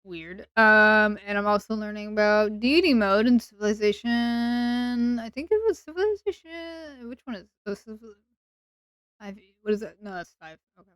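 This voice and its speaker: Woman streamer, casual live chat, rambling, self-mocking, smooth voice, dry close mic. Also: a little high, normal speed, no echo. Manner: playful, rambling and self-mocking, with sudden loud whiny bursts.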